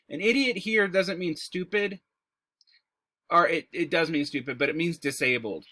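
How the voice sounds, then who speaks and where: A man teaching a recorded high school English lesson. He explains terms casually and breaks words into their parts. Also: lively intonation, moderate pace, bright, forceful tone, no echo. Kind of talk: recorded classroom lecture.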